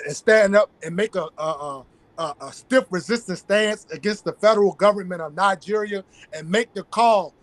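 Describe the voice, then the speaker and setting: A man's voice: high-pitched, no room sound. A man with a Southern US accent, a guest activist in an interview, talking emphatically and repeating his key phrases. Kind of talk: interview conversation.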